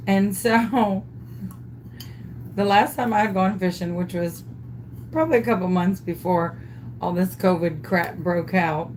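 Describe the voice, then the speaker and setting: A woman's voice: lowish voice, a little slow, long pauses, slight background noise. Chatty woman telling a story. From Louisiana. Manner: animated, chatty, self-amused storyteller. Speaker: craft vlogger. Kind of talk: storytelling while crafting.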